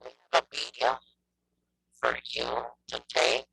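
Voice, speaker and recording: A man teaching an online English class over a video call, often checking in with "okay?" and pausing on hesitant fillers. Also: mid-range voice, monotone, vocal fry, sharp tone, slightly rough, no room sound, rough recording.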